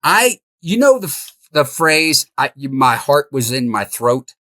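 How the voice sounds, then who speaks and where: A middle-aged man telling a story as an interview guest, animated and laughing as he goes. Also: mid-range voice, a little slow, no echo. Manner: animated, laughs through the tale. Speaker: podcast guest, house flipper.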